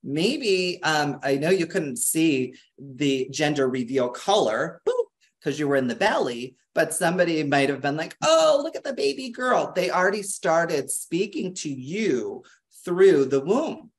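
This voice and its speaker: An educator leading an interactive online workshop over a video call, talking in a lively, chatty way with restarts and fillers. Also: measured pace. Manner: acts out quoted people with big pitch jumps. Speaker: webinar presenter and educator.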